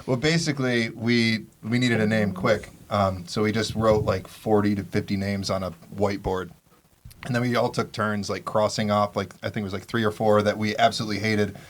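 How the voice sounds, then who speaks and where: A man's voice: fairly low pitch, fairly even intonation, fairly quick, a little hiss or hum. A man from Rochester, New York, a band member guest, talking casually and rambling with lots of fillers. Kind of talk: casual interview chat.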